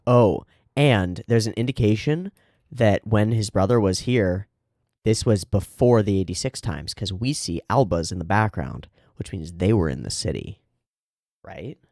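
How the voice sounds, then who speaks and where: A man's voice: lowish voice, measured pace, a little mellow, no room sound, clean studio sound. A man hosting an anime reaction video, talking casually and animatedly, often laughing and swearing as he comments.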